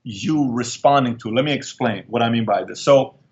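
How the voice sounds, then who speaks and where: A man's voice: medium pitch, moderate pace. Man, middle-aged, interview guest, emphatic storyteller, repeats for effect, muffled lo-fi sound.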